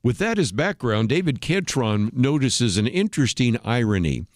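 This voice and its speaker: A man's voice: medium pitch, sing-song, moderate pace, no echo, studio quality. A man hosting a talk radio show, giving conversational commentary and explaining history step by step.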